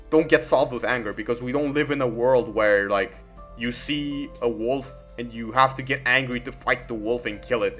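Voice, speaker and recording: A young man rambles through casual gaming commentary. He leans on "like" and curse words, with a middling pitch. Soft music sits under his voice. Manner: rambling, heavy fillers and swearing.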